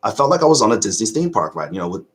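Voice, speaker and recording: A middle-aged man hosting a casual reaction video, choked up with emotion, talking earnestly in halting restarts. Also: on the low side, big pitch swings, slightly rough. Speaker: YouTube reaction host.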